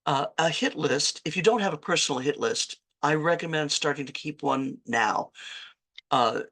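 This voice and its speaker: A woman's voice: deep voice, lively intonation, normal speed, a bit bright. A woman from Virginia giving a conversational writing workshop lecture, often correcting herself mid-sentence and adding chatty asides. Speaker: writing instructor.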